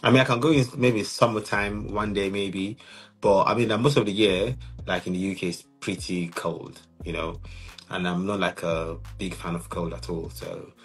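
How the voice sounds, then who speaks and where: Man, raspy tone, casual interview host, easygoing. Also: deep voice, fairly even intonation, moderate pace, soft background music. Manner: easygoing, slangy, repeats himself. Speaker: podcast host.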